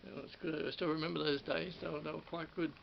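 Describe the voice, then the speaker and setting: A middle-aged man with an Australian accent, reminiscing about his time as a radio studio producer in a halting way, with many restarts and repeated words. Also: a little high, flat delivery, vocal fry, highs cut off, a little hiss or hum. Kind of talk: rambling personal reminiscence.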